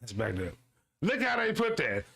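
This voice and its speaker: A man with a slightly high, gravelly voice hosts a streamed commentary show. He reads a web page aloud at a slow, deliberate pace and breaks off into fast, animated remarks aimed at his audience. He often repeats a line to drive it home. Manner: animated, swings between slow read-aloud and quick asides; talks back to his audience, repeats lines for emphasis. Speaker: show host.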